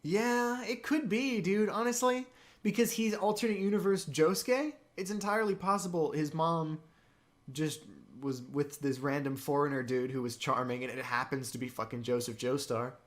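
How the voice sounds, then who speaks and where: A man co-hosting a podcast in casual chat, excited, his voice jumping up in pitch when he gets keen. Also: normal speed. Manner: excited, with sudden upward jumps in pitch. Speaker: podcast co-host. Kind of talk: casual chat about a comic.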